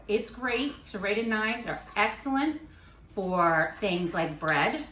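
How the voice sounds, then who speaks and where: A woman's voice: mid-range voice, fairly bright tone, echoey room, a little hiss or hum. A woman teaching a cooking lesson in a kitchen, explaining each step patiently and slipping in playful asides. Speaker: cooking instructor. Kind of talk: kitchen demonstration.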